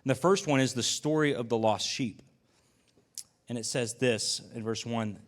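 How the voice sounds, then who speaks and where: A man's voice: medium pitch, animated, normal speed. A man preaching a conversational sermon as pastor, telling stories in a casual, folksy way with asides and acted-out dialogue. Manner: uses y'all and folksy speech.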